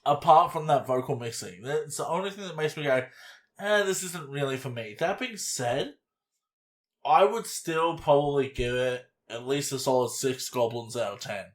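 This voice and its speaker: Casting: man, podcast co-host, loose and animated, swears freely, mid-pitched. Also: normal speed. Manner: rambling, animated, swears casually. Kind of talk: casual chat reviewing an album.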